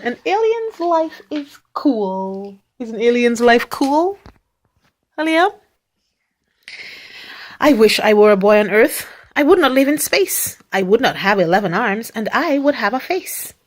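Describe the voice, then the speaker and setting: A woman reading picture books aloud to a young child, playfully acting out animal noises and sound effects. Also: mid-range voice.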